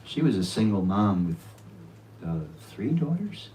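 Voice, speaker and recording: A man's voice: fairly low pitch, big pitch swings, takes it slowly, recorded from a distance, slight background noise, rough recording. A man in his seventies giving an earnest devotional talk at a home gathering. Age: 70s. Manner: earnest, with warm laughter and quoted asides. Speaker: speaker at a devotional home program.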